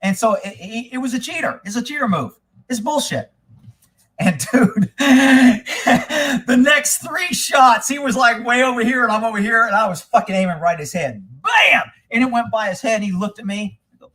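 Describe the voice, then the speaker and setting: A man with a fairly high voice tells rough, profanity-laced stories in casual talk. He slips into the voices of the people he quotes as he goes. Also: fairly quick. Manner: animated, swears often, acts out quoted people. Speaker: podcast host telling stories.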